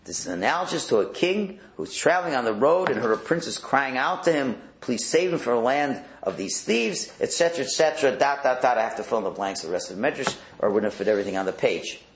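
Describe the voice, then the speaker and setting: A man's voice: medium pitch, quick pace, few pauses, a little hiss or hum. A man teaching a Torah class as a rabbi, telling stories animatedly and acting out the voices. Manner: animated storyteller, acts out voices. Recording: roomy echo.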